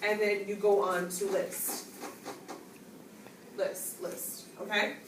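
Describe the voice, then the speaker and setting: A woman's voice: mid-range voice, flat delivery, takes it slowly. A woman teaching a grammar lesson to a class, explaining points and calling on students by name. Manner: instructive, calls on students and asks questions. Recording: echoey classroom, distant mic, background noise.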